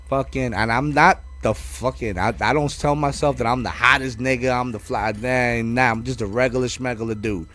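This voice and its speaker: Talking briskly and barely pausing, a man with a mid-range voice co-hosts a podcast. He spins a funny, animated story peppered with swearing and fillers.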